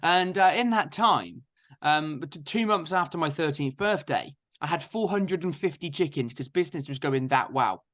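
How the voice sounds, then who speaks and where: A young man, telling his story in a lively, chatty interview. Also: fairly high pitch, normal speed. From England. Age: 20s. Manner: chatty, energetic anecdotes with frequent "so therefore". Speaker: guest farmer.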